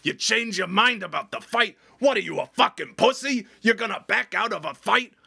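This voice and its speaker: A man's voice: a little high, expressive, measured pace, creaky, sharp tone, full character voice. A man voicing his pushy, swearing restaurant boss who keeps goading him into a fight. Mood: scornful. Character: brash male restaurant boss, aggressive and goading.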